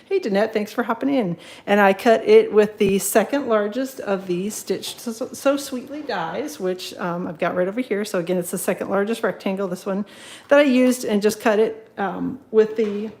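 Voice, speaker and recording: A woman's voice: mid-range voice, moderate pace, a little mellow, low-quality recording. A woman demonstrating card making in a live home tutorial, chatting casually with many fillers and greeting viewers as they join. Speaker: craft demonstrator. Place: craft room at home.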